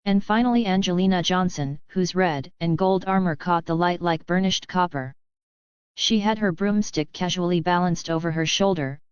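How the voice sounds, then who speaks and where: A woman reading scripted audiobook narration in an even, steady way. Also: fairly low pitch, smooth, no room sound, muffled recording.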